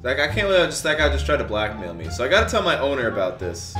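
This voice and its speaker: A man's voice: mid-range voice, big pitch swings, fast talker, hardly any pauses, bright, forceful tone, reverberant, soft background music. A young man giving casual, chatty game commentary to his viewers. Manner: chatty, talks to viewers as guys. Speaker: gaming YouTuber.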